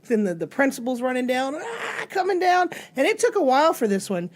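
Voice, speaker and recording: A woman with a slightly high voice chats casually as a guest on a comedy podcast. She tells her own story loosely, throwing in quick asides as she goes. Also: big pitch swings.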